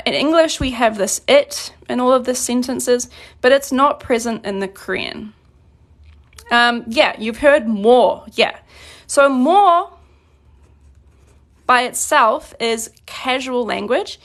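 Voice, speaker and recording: A young woman teaching a casual Korean grammar lesson, reading out example questions and explaining them in English with plenty of fillers. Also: high-pitched. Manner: explains plainly with many fillers, reads Korean examples then translates.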